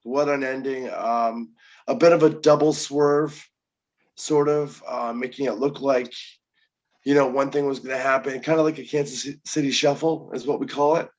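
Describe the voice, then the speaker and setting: A man's voice: mid-range voice, steady tone, moderate pace, highs cut off. A man co-hosting a casual review chat, loose and joking, with many hesitations. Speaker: co-host.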